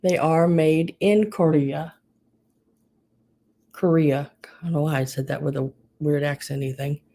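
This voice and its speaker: A woman's voice: low-pitched, brisk, mellow. A woman running a live online sale, chatting casually and calling to bidders by name. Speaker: live auction seller.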